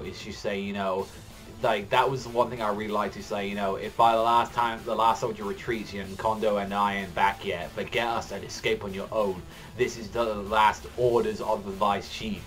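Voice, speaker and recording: A man giving excited, rambling commentary as a reaction video host, swearing heavily as he talks. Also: on the low side, normal speed. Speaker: manga reaction youtuber. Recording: faint music behind voice.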